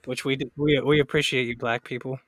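A man's voice: medium pitch, little pitch movement, brisk, fairly bright tone, no echo. A man co-hosting a casual podcast, rambling and joking, often laughing and swearing, with a somewhat nasal voice. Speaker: podcast co-host. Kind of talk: casual chat.

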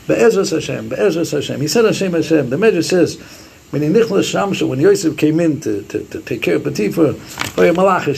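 A man teaches a Torah class with a raised, gravelly voice. His pitch swoops widely as he quotes Hebrew sources and acts out the sayings he explains. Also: darkish tone, a little hiss or hum.

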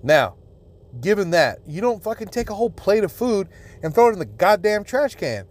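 A man's voice: high-pitched, sing-song, a little fast, darkish tone. Crude, indignant podcast host man. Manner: crude, swearing constantly, indignant and emphatic. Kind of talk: profane solo podcast rant.

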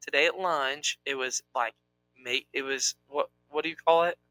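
A man chats casually as a podcast co-host, teasing his partner in a playful way. His voice is bright. The sound is dry and close, with no room echo. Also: medium pitch, normal speed, smooth. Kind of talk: casual chat.

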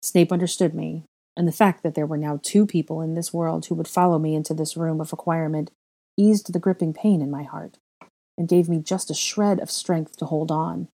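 Low, mellow woman narrating a story. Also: steady tone, normal speed. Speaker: fan fiction reader. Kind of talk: first-person story narration.

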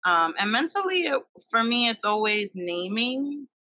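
A woman's voice: fairly high pitch, very animated, measured pace, bright, forceful tone, no room sound, low-quality recording. A woman in her thirties hosting a podcast, talking in a reflective, thoughtful way. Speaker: podcast host. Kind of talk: casual conversation.

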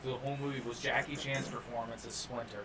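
A man co-hosting a podcast, chatting and joking in an animated way about a film. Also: medium pitch, quick pace. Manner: animated, joking, lots of restarts. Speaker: podcast co-host. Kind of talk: casual chat and film review. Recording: distant mic, faint room noise.

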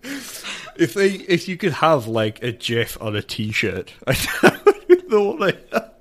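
Young guy on a film podcast, super animated, pitch jumps all over, laughs a lot. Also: slow pace. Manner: animated, laughing, acts out scenes. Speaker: podcast co-host. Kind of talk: casual film review chat.

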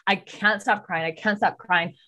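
A woman candidly telling a personal story, emotional and blunt, swearing freely and going much higher when heated. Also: steady tone, moderate pace, sharp tone.

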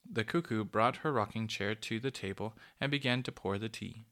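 Man reading a children's story aloud. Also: fairly low pitch. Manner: gentle, unhurried, with small slips and rereads.

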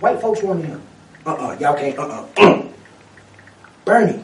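High-voiced man ranting in an echoey room. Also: slow, long pauses. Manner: animated, profane ranting with street slang. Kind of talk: casual chat. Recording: echoey room, mic at a distance.

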